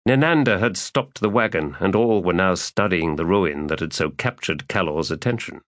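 Deep-voiced man narrating a story. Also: animated, normal speed, fairly bright tone, no room sound, clean studio sound. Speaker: audiobook narrator. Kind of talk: scripted narration.

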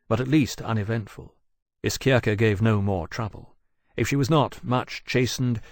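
A man narrating an audiobook in a measured, steady way. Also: fairly low pitch, dry recording, clean studio sound.

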